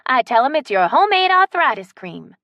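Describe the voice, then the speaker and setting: A woman voicing a giddy older woman who plays matchmaker, talking high and pleading. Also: sing-song, fairly quick, no room sound, dull audio. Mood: eager.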